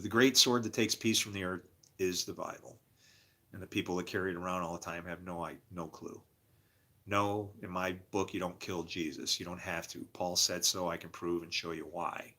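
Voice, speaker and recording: A man's voice: deep voice, a bit bright. A middle-aged man talking candidly in a rambling, casual monologue, laughing often. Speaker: podcast host.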